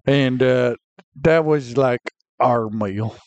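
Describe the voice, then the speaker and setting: A man hosting a comedy podcast, answering in a deadpan way with naive questions. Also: mid-range voice, slow, no echo, lo-fi sound. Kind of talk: casual podcast banter.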